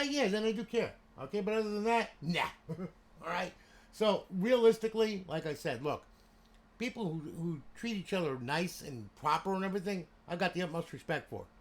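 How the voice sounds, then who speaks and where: Blunt New Jersey man, middle-aged. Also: on the high side. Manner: blunt, profane and rambling. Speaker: console modder and seller. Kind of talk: casual livestream talk.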